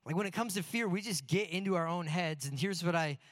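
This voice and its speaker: A man on a church staff telling a humorous story in a sermon, animated and poking fun at himself. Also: sits high, fairly quick, dry recording. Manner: animated, self-deprecating anecdotes. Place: church sanctuary before a congregation.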